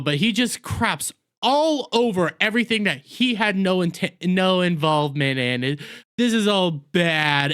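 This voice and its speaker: Man reviewer, highish smooth voice, blunt and crude, sarcastic rant. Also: bright, forceful tone. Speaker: video reviewer. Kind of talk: ranting TV review.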